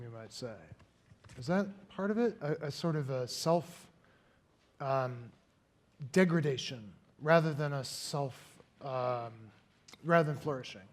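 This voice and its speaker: A male author with a fairly high voice speaks before a live audience. He is reflective and thoughtful, then turns animated when he tells a story, and he laughs often.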